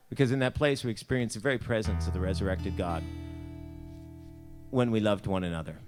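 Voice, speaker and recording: A man's voice: mid-range voice, fast, soft background music. A man leading a church devotion, telling a personal story in a chatty, self-deprecating way full of "like" and "you know".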